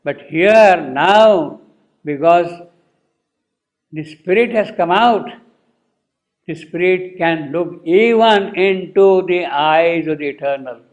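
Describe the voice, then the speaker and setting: Man, slow poetry lecturer, rereads the lines and explains each word, slightly high voice. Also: rough recording. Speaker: teacher explaining a poem.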